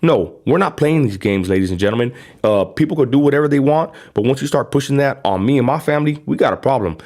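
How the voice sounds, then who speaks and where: A man's voice: mid-range voice, animated, fast, a little mellow. A man in his thirties with a West Texas accent, rambling bluntly on his own livestream. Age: 30s. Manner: rambling and blunt, lots of fillers. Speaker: livestream host. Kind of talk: casual livestream rant.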